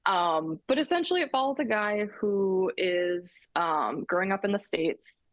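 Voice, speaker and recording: A woman guest, a counselor, speaking in a measured, slightly hesitant way in casual chat. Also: medium pitch, expressive, no room sound.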